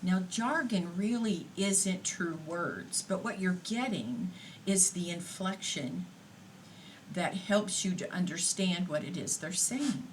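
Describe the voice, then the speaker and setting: Slow, measured woman lecturing. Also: on the low side, slight background noise, low-quality recording. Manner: unhurried, explanatory, with fillers. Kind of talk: recorded lecture.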